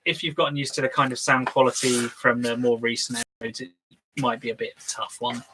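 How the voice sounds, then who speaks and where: A man's voice: medium pitch, level tone, fast talker, background noise. A man co-hosting a casual tabletop gaming chat, talking in a rambling, hesitant way with lots of fillers. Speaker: co-host.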